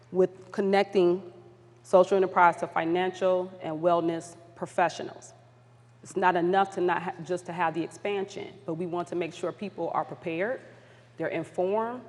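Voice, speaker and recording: A woman with a lowish, darkish voice guides a community summit audience through polling questions. She's upbeat and encouraging, apologizing when she gets flustered, and the large conference hall adds long reverb.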